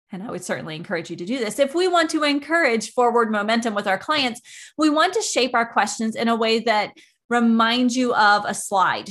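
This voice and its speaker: Woman, podcast host, calm explainer; teaches step by step, mid-pitched. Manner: calm, explanatory, with everyday analogies. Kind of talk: instructional podcast monologue.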